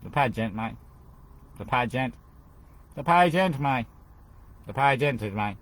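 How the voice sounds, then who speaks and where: Over a rough recording, a podcast host delivers a loose, wandering solo monologue on his own show, repeating phrases again and again and calling the listener "mate." His voice is mid-range and fairly bright, and he speaks at a measured pace.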